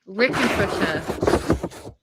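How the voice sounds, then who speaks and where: A woman's voice: mid-range voice, lively intonation, very slow, heavy background noise. A woman co-hosting a casual recap chat, talking in a blunt, emphatic way and swearing freely. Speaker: podcast co-host.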